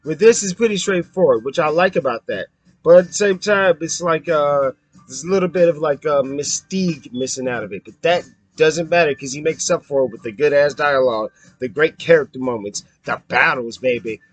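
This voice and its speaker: A young man giving a casual, excitable book review, full of fillers, swearing and hype. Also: on the high side, brisk, no echo.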